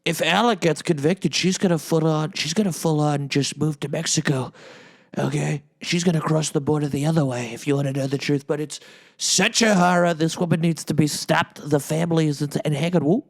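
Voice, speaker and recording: A man's voice: a little high, fairly even intonation, fairly quick. A man doing a comedic impression of a boastful former president hosting a podcast, rambling and repeating himself. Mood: blustering.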